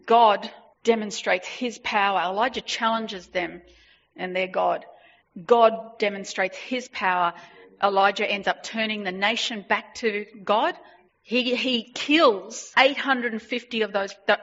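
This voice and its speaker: A woman preaching a sermon, retelling a story with animated emphasis and repeated phrases. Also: medium pitch, unhurried. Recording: dull lo-fi sound.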